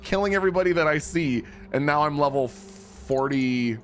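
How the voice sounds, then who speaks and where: A man streaming a video game, bantering with chat in an animated, profane way. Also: a little high, moderate pace, soft background music. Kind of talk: casual live gameplay commentary.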